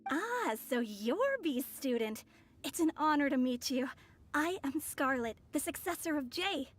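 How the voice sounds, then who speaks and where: A woman voicing a courteous and mysterious female envoy in a video game, polite and measured. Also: sits high, animated. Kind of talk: game voice acting. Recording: game audio with faint music.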